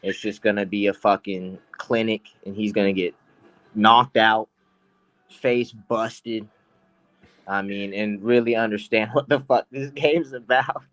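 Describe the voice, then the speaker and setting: A man's voice: on the low side, a little slow, fairly bright tone, no echo. A man, a guest pro fighter, trash-talking brashly and profanely in a casual podcast chat on a close mic.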